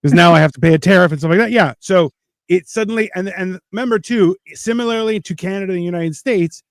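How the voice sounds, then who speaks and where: A man's voice: high-pitched, fast talker, dry recording. A man on a podcast, ranting in a casual, profane way and mocking others in put-on voices. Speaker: podcast co-host.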